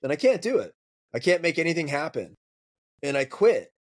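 A man with a fairly high voice, telling dog-training stories on a podcast. He talks casually, swears freely and acts out his anecdotes. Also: moderate pace. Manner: profane, storytelling, animated.

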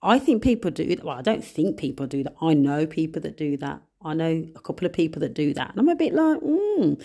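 Hosting her own podcast alone, a young woman chats casually in a deep, warm voice at a slightly quick pace. She drops in playful asides and laughs often.

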